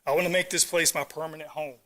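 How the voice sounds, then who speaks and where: A middle-aged man giving an earnest, halting public comment at a council meeting, fighting back emotion. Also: on the high side, steady tone, bright, forceful tone. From Virginia Beach area, US.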